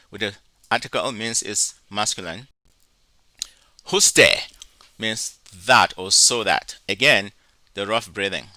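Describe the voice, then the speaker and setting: Bright-voiced man teaching slowly. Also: medium pitch, no room sound. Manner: slow, deliberate, spells out syllables. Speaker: Greek teacher. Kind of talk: recorded lecture.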